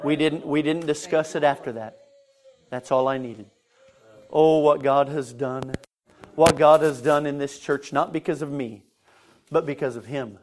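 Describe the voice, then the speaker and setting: A male pastor telling a personal story in a sermon, swinging between self-mocking humor and quiet, earnest stretches. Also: fairly high pitch, steady tone, normal speed, a little hiss or hum.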